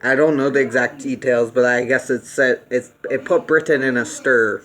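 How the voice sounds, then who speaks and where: With medium pitch and a moderate pace, a young man rambles through a casual movie review. He keeps restarting and using fillers, and grows excited over what appeals to him.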